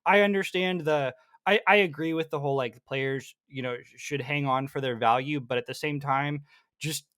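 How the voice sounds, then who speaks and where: A man hosting a podcast, talking with animated, laughing energy. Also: fairly high pitch, normal speed, no echo. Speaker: podcast host. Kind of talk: casual podcast chat.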